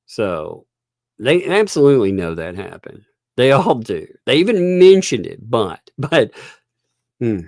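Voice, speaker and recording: A man's voice: medium pitch, very animated, unhurried, a little mellow, no room sound, studio quality. A man giving live-stream commentary, ranting and laughing as he mocks other streamers. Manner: laughing, mocking, exasperated rants.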